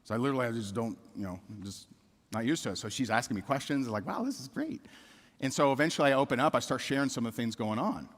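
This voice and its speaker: In a reverberant hall, a middle-aged keynote speaker with a mid-range voice delivers his motivational speech rapid-fire. He tells a personal story, candidly repeating himself, and asks the audience questions.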